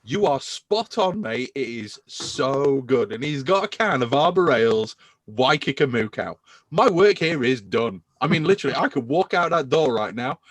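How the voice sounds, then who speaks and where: A man's voice: medium pitch, moderate pace, dry recording. A man hosting a podcast in casual chat, enthusing about beer. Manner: enthusiastic, animated beer talk. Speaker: podcast host.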